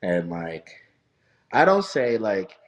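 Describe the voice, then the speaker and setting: A wrestling coach from Southern California talks with a lowish voice. He rambles happily through his stories, packed with "like" and "dude" and frequent swearing. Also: sing-song, slow pace. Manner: loose, profane, laughing storyteller, lots of fillers. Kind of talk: casual interview chat.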